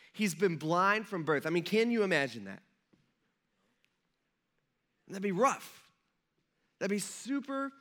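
A young male pastor with a fairly high, bright voice, preaching in a loose, conversational way. He rambles through stories and asides with plenty of fillers. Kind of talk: casual conversational sermon.

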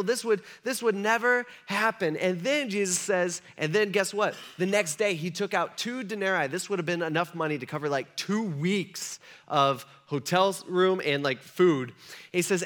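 A man preaching a sermon to a live congregation in a casual, conversational way, acting out quoted lines as he goes. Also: sits high. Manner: animated, conversational, acts out dialogue. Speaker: pastor.

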